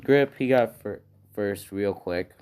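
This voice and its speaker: A man with a lowish voice casually telling a made-up story at home, rambling along with fillers and little check-ins. A faint hiss runs under the recording. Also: slow pace, darkish tone. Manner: rambling, lots of fillers and "right?". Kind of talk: casual retelling of a fan story. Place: at home with his dog.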